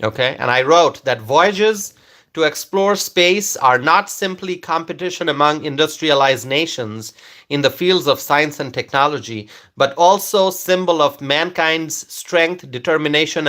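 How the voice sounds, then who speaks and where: A man talks straight to his audience in a casual monologue. His voice has a bright, forceful edge. He stumbles through fillers and restarts, then repeats his key lines for emphasis. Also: a little high, lively intonation. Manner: halting, with many fillers and restarts. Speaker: political commentator.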